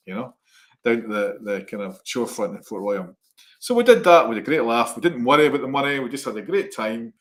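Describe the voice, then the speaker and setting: A man co-hosts a live online chat, spinning casual personal stories with animated energy. He acts out the other people's lines and often breaks into laughter. The sound is that of a home video call. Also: mid-range voice, quick pace. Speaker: co-host, psychic medium.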